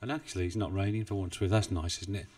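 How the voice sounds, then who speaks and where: A low-voiced man talks casually through a live stream, rambling and self-deprecating as he goes. His desk mic sits a bit too far away, so he sounds distant. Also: fairly even intonation, fast, darkish tone. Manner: chatty, rambling, self-deprecating, chuckles often. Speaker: forex trading live streamer. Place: home desk in the UK. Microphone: desk mic, not well placed.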